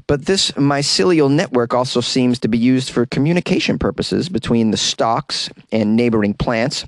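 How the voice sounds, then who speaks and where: A man's voice: mid-range voice, lively intonation, moderate pace, dry recording. A man hosting a podcast, giving comic news commentary with wry, joking asides. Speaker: podcast host. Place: closet.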